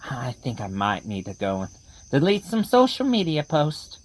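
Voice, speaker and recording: A woman's voice: a bass voice, wildly swooping pitch, moderate pace, a little mellow, exaggerated voice, low-quality recording. A woman voicing a nervous, stammering male deputy with a drawl in a horror comedy radio play. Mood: sheepish. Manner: stammering, fretful, chatty.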